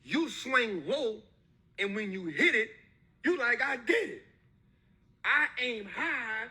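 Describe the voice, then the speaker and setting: A man's voice: very high-pitched, expressive, takes it slowly, sharp tone, slightly rough. A man giving an emphatic motivational talk, repeating his points in slangy street talk. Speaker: motivational speaker.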